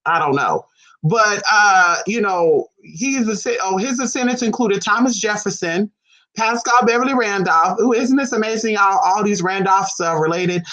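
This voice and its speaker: A vlogger ranting casually in a sassy, profane way, full of teasing asides, swinging between low mutters and high squeals. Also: moderate pace, pushed and bright, rough recording. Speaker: vlogger on spiritual history.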